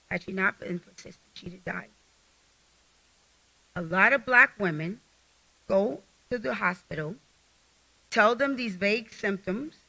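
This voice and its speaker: Sharp-voiced woman giving a folksy health talk. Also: mid-range voice, low-quality recording. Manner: folksy and direct, speaks straight to the audience. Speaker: health speaker at a women's conference. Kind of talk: casual conference health talk.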